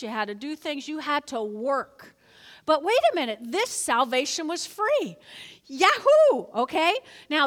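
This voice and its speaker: A high, bright-toned woman preaching from the pulpit, lively and prompting her congregation to repeat lines back to her. Her voice carries with a long reverb around a large church hall. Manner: lively, calls for congregation responses. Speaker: pastor. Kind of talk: sermon. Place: church sanctuary.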